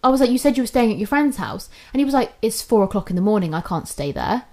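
A woman's voice: on the high side, quick pace. A young woman, casually telling a story on a podcast, swearing often and acting out what people said. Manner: animated, swears often, acts out quotes.

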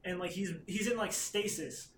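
A man's voice: sits high, steady tone, normal speed, a little hiss or hum. A man on a podcast casually recapping a comic plot, rambling and swearing, acting out characters' lines. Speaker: podcast co-host. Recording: roomy echo.

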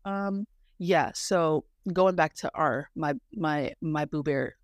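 A young woman co-hosting a casual chat podcast, talking in a chatty, animated way with quick asides. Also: deep voice, no room sound, clean studio sound. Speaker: podcast co-host.

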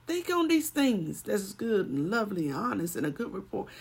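A woman's voice: mid-range voice, sing-song, moderate pace, creaky, few pauses, slightly rough. A woman preaching a sermon and telling a personal story, building to emphatic swells.

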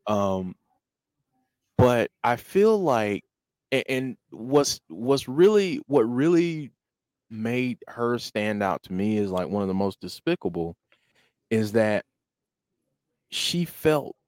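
A man's voice: medium pitch, big pitch swings, slow pace, pauses often, darkish tone, dry recording. A man in casual conversation about a film, speaking thoughtfully and hesitantly, often restarting his sentences.

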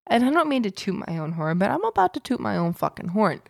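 A woman's voice: mid-range voice, very animated, quick pace, creaky. A woman co-hosting a casual podcast from a home loft, talking brashly and swearing a lot. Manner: brash, boastful, heavy swearing. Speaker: podcast co-host. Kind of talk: casual chat.

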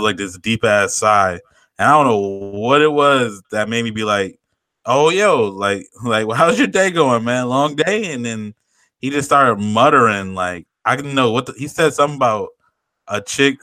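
Young male podcast co-host, bright and dry close-mic sound, loose rambling storyteller who swears freely. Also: on the low side, normal speed, clean tone, dry recording. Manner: rambling, laughing, swearing a lot. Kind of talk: casual chat, storytelling.

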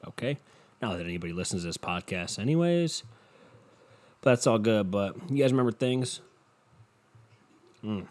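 A young man hosting a rambling solo podcast from home, swearing a lot and mocking himself, dropping from low mutters into loud bursts. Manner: profane, self-mocking, drifting between muttering and loud bursts. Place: home, no studio. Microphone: home podcast microphone.

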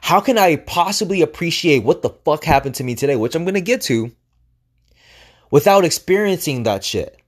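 A man's voice: on the high side, lively intonation, moderate pace. Man, podcast host, motivational monologue, profane, emphatic, rhetorical questions.

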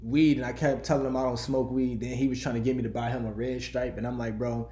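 A man in casual chat, telling a joking, animated story. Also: mid-range voice, quick pace, reverberant, slight background noise. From United States.

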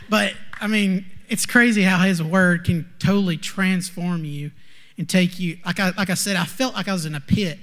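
A young man giving a personal testimony, earnest and halting, with many "like" fillers. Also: high voice, a bit bright. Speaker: student sharing a testimony.

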